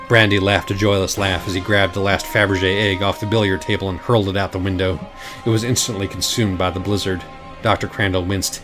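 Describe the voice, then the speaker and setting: Brief: low-voiced man, wry theatrical storybook reader, faint music behind. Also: little pitch movement, a little fast. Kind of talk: comic dramatic reading.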